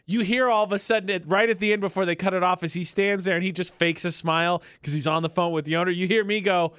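A slightly high-voiced man hosts morning radio from a studio, chatting and spinning stories with frequent laughs. The sound is close and dry, with no room around it. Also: fast, smooth, no room sound. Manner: storytelling, laughs often, animated. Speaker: radio morning show host. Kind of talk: casual radio banter. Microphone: studio microphone.

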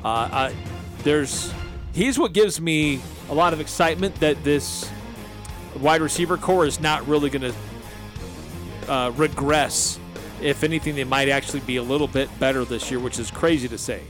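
A man hosting a sports radio show in a relaxed, chatty way, with plenty of fillers. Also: fairly high pitch, moderate pace, over music. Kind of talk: casual sports radio chat.

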